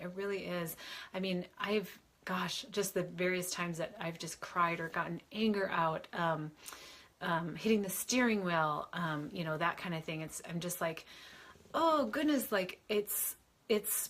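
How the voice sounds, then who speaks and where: A woman with a fairly low voice speaks in a casual live question-and-answer session. She is chatty and reassuring, and she keeps restarting her sentences and filling pauses with "um" and "you know." She sounds middle-aged and talks like a medium answering her viewers. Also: fairly bright tone.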